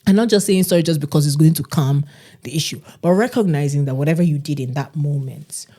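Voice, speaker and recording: A woman, co-hosting a casual podcast and telling stories in an animated way. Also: sits low, fast talker, husky. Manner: animated storytelling, mimics others' voices. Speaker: podcast co-host. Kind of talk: casual chat.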